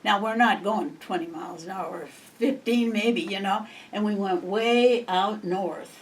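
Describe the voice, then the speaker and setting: An older woman from Montana, USA, shares oral history stories as an interviewee, rambling and chuckling in an unhurried, mid-range voice. The mic is distant, with faint background noise.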